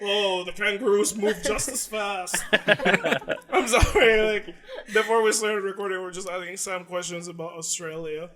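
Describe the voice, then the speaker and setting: A man's voice: sits high, level tone, crowd noise. A Filipino man hosting a casual podcast chat outdoors on a beach, joking and sarcastic. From Philippines. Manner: joking, quick to laugh, sarcastic. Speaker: podcast host.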